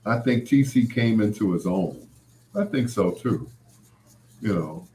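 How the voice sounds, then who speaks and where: Male host, middle-aged, lower register, loose rambling talk with acted-out quotes. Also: lively intonation, measured pace, warm tone, a little hiss or hum. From Chicago area. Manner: rambling, many "you know" fillers, acts out quoted lines. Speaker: podcast host. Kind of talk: casual storytelling chat.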